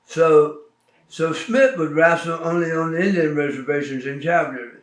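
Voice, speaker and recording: A man's voice: on the high side, moderate pace, echoey room. A man in a casual shoot interview who tells folksy stories and keeps saying "right" as he listens. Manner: folksy storytelling, frequent "right" acknowledgements. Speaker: wrestling veteran interviewed.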